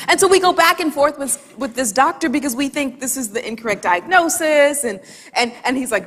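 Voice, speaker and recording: A woman giving a talk, telling a humorous story with quoted dialogue in a lively way. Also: high voice, fast talker. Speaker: speaker. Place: large hall with audience. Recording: long hall reverb.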